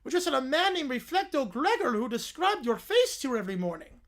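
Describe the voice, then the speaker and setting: A woman's voice: sits high, big pitch swings, a little fast. A woman voicing a scheming middle-aged male mad scientist in a theatrical villain monologue. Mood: grandiose.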